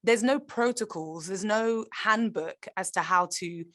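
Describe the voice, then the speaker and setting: An earnest woman speaking in a relaxed interview, thinking aloud and circling back to restart her phrases. Her voice sits at an average pitch for a woman, and she sounds sincere and reflective. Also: measured pace. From Britain. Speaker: actor, interview guest. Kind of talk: conversational interview.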